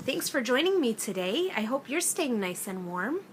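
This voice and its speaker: A woman teacher reading a children's picture book aloud in an expressive, sing-song way, asking her young listeners questions. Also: fairly high pitch, normal speed, a little hiss or hum.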